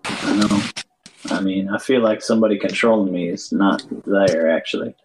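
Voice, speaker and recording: A man playing in a tabletop role-play, tossing out joking, deadpan one-liners. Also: deep voice, normal speed, a little hiss or hum, rough recording.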